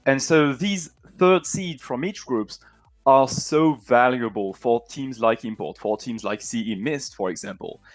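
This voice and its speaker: A man's voice: medium pitch, measured pace, dry recording. French-accented male co-caster, dry studio sound. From France. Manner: talkative, analytical, self-correcting. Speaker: esports co-caster. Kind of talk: esports match commentary.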